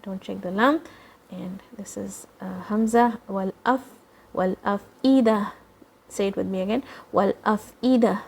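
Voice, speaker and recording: Woman slowly modeling recitation for kids. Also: medium pitch, steady tone, gravelly, darkish tone, slightly rough. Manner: patient, explains step by step and models each word slowly; repeats words slowly for children to copy. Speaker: Quran recitation teacher. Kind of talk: children's tajweed lesson.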